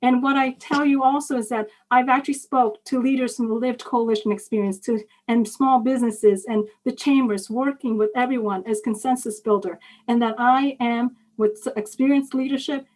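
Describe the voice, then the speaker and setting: A woman's voice: fairly high pitch, fairly even intonation, moderate pace, hardly any pauses, darkish tone, rough recording. A woman running for county council gives a campaign speech, listing endorsements with many ums and uhs. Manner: lists credentials and endorsements, with frequent fillers. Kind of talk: campaign speech at a candidate forum.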